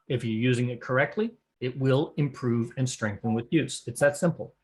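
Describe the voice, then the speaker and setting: A man's voice: mid-range voice, moderate pace. A middle-aged man teaching would-be square dance callers about breathing and voice care, in a folksy, practical way, showing what he means as he talks. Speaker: square dance calling instructor. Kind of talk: spoken lesson to a camera.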